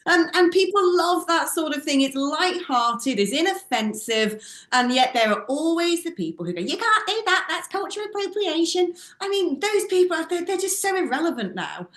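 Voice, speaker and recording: A woman's voice: high voice, animated, normal speed, fairly bright tone, reverberant. A woman speaking as a panel guest on a talk show, voicing her opinions emphatically. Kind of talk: studio talk show discussion.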